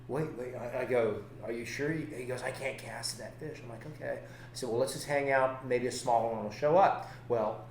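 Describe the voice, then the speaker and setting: A male fishing captain tells a story in a casual podcast chat, acting out both sides with lively energy. His voice sits at a middle pitch. It rings out in a roomy space with a faint hiss behind it. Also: normal speed. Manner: animated, acts out both sides of his stories. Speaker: fishing guide and boat captain.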